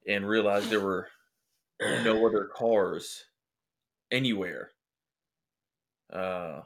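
Lowish voiced guy trying to remember stuff, stumbles and repeats himself. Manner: hesitant, trying to recall, repeats words. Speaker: guest. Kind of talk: casual podcast chat.

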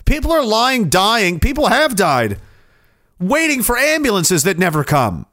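A man's voice: high-pitched, wildly swooping pitch, unhurried, bright, forceful tone, no room sound, clean studio sound. A man ranting on a livestream, heated and sarcastic, swearing often and reading out chat messages. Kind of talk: profane political rant on a livestream.

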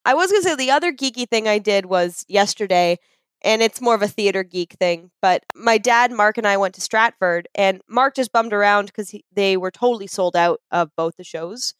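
A young adult woman co-hosting a podcast in casual chat, gushing and excitable as she tells a story. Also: mid-range voice, normal speed, smooth, no room sound. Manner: excitable, gushing storyteller, fond of self-described geeking out. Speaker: podcast co-host.

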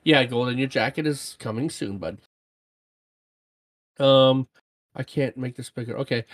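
A co-host on a casual gaming stream, reading out chat messages and news in an excitable way. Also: medium pitch, measured pace. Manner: animated, excitable, reads items aloud.

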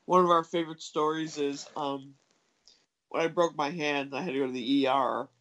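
Lady with a lower voice rambling thru a story, lots of um and you know, pops way up for quotes. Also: fairly even intonation, moderate pace, a bit bright, rough recording. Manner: rambling, hesitant, lots of fillers and restarts; acts out quoted voices with big pitch jumps. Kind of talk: casual storytelling chat.

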